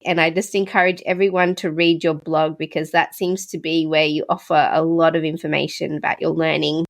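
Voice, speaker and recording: A woman's voice: low-pitched, little pitch movement, a little fast, creaky. A woman hosting a podcast interview, asking questions and speaking earnestly and effusively. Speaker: podcast host. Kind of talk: casual interview.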